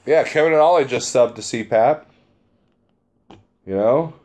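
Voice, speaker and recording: A male truck driver talks loosely to his live-stream viewers, reading their comments aloud and answering them head-on. He is blunt and chummy, and he laughs easily between remarks. His voice sits at an ordinary middle pitch for a man. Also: a little slow, darkish tone. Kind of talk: casual live-stream chat.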